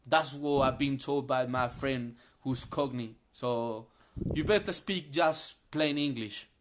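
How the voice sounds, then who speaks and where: A man who is a guest in a live online English class, chatting in a friendly, relaxed way and explaining things plainly. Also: medium pitch, slow, background noise. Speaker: guest sharing travel tips.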